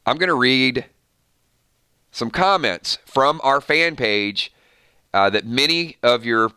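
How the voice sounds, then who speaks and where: A man's voice: medium pitch, sharp tone, clear, resonant tone, no echo, studio quality. A man hosting a casual live stream with his morning voice, rambling through viewer comments with fillers and restarts. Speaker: YouTube channel host.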